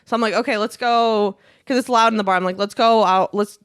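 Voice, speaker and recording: A woman's voice: mid-range voice, steady tone, fast talker, clean tone. A young woman co-hosting a podcast, telling a vacation story in a rambling, casual way, with lots of swearing, fillers and laughs. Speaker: podcast co-host.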